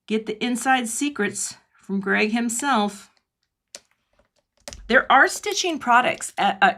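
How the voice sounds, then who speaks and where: Middle-aged woman demoing cards live, chatty, laughs a lot, goes quiet when she focuses. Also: medium pitch. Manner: chatty, laughs often, drops to a whisper when concentrating. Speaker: cardmaking instructor. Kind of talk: live online craft demonstration.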